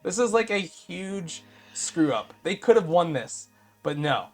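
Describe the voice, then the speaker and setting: A man co-hosting a casual review chat, animated and exasperated, with lots of fillers and restarts. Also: high voice, a little slow, soft background music. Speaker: podcast co-host.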